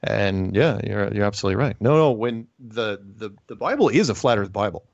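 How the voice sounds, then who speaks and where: A man's voice: fairly low pitch, animated, a little fast, vocal fry, no room sound. A middle-aged man hosting a casual chat, rambling with lots of restarts. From United States. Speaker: podcast host. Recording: dull lo-fi sound.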